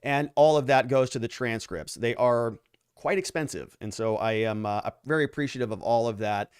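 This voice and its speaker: A man's voice: mid-range voice, normal speed, clear, resonant tone, no echo, clean studio sound. A man hosting a live stream, reading out viewer comments in a chatty way and joking along with them. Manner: plays up silly wordplay. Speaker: host.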